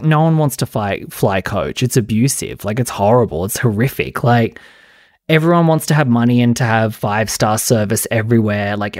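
A man's voice: mid-range voice, no room sound. Chatty sarcastic man, dry close mic. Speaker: podcast host. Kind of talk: casual solo pop-culture commentary.

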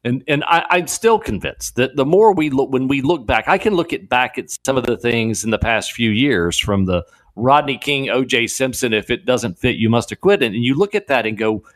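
A man's voice: medium pitch, normal speed. A man hosting a talk radio show, giving a digressive opinion monologue with frequent restarts. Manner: animated, digressive, many restarts. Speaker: guest radio host. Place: radio studio.

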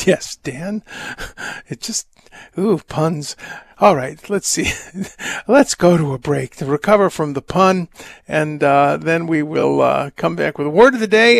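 A man hosting a Catholic call-in radio show, reading letters and answering questions in a rambling, halting, wry way. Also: a little high, lively intonation, gravelly, no echo, clean studio sound. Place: radio studio. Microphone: studio microphone.

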